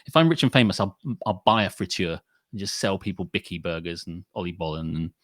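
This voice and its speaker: A man's voice: low voice, a little fast, no room sound, studio quality. A man co-hosting a podcast in casual chat, ranting comically and swearing freely. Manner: animated, sweary, comic rants. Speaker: podcast co-host.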